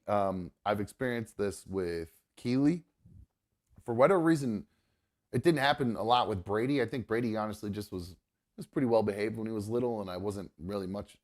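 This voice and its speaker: A man's voice: on the low side, a little mellow. A middle-aged man hosting a talk show, telling a long personal story in an earnest, rambling way. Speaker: podcast host. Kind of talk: casual chat. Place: studio.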